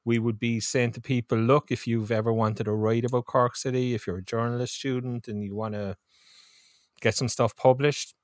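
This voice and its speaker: A man's voice: medium pitch, moderate pace, dry recording. Dry-voiced podcast co-host, a man. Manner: steady, matter-of-fact, reads a list aloud. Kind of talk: casual chat.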